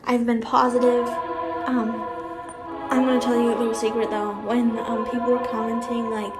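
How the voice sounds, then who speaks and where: A woman's voice: fairly high pitch, level tone, normal speed, loud music behind the voice. A woman reading fan fiction aloud, breaking off into rambling, giggly asides and restarts. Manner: rambling, self-interrupting, giggly. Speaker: YouTube fan fiction reader. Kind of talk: casual read-aloud with chatty asides.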